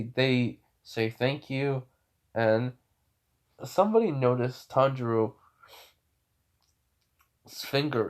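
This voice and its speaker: A young man casually retelling a fan story, rambling with many fillers and restarts. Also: mid-range voice.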